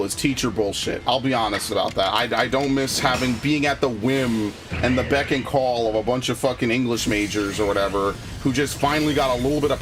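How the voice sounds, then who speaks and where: A male gaming streamer in the middle of a playthrough, swinging between casual commentary and angry, profanity-laced rants. His pitch sits in an ordinary middle range. Faint game music plays underneath him. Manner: profane, heated storytelling with frequent restarts. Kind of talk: casual gameplay commentary and ranting.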